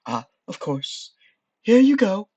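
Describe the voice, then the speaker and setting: A man's voice: very high-pitched, sing-song, a little fast, darkish tone, highs cut off, pitched above the performer's own voice, exaggerated voice. A man voicing a sultry scheming sorceress. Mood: mocking. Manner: sultry, mocking.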